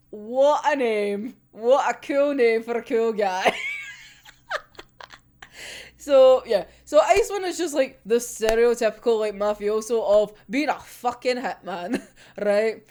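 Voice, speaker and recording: Young woman, high voice, swoopy lively pitch, slow unhurried delivery, giggly, swears a lot, casual manga chat. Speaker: manga reaction channel host. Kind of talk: casual manga chapter commentary.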